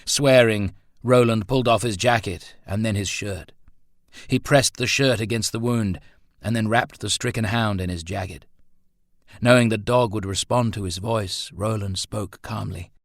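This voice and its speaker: A man narrating a thriller audiobook in a measured, steady reading. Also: lowish voice, no echo, clean studio sound.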